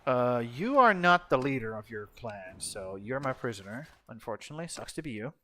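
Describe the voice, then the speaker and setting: A man's voice: medium pitch, a little fast. A young man giving laid-back, casual commentary on his gameplay, cursing now and then and trailing off mid-sentence. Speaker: gaming channel host. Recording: steady background noise.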